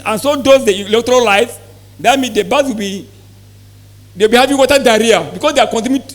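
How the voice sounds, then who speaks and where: A man gives a live presentation to poultry farmers, often asking the audience questions and repeating key points. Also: very high-pitched. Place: exhibition hall presentation.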